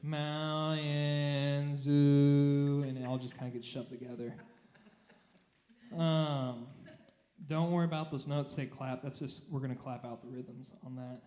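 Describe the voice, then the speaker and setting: In an echoey church room, a male choir director runs rehearsal, explaining the notes and singing brief phrases to demonstrate. His voice is medium-pitched, a little mellow, steady in tone, and paced normally.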